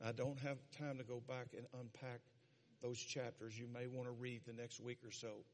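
A man preaching a sermon, retelling a story with lively acted-out voices. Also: mid-range voice, normal speed. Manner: animated, dramatizes scenes with voices. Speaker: pastor. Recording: long reverb of a large hall.

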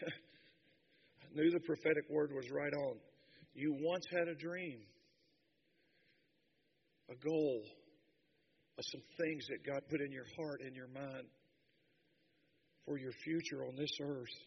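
A man preaching a sermon with passion, dropping to a hush and then building to shouts. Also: on the high side, fairly even intonation, slow pace, long pauses, slightly rough, highs cut off. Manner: impassioned, swinging from hushed to shouting.

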